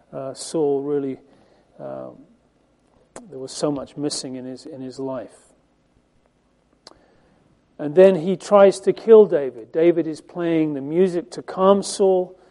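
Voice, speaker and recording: Male preacher, conversational and emphatic sermon delivery, slightly high pitch, very warm dark timbre. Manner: conversational, emphatic, with frequent fillers and restarts. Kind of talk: sermon, Bible teaching.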